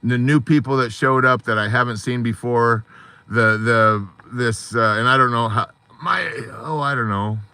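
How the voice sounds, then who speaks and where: A man hosting an unscripted live stream from inside his parked car at night, rambling and animated, slipping into quoted voices. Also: mid-range voice, normal speed, smooth, no echo. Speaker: live-stream host of a divorced dads channel.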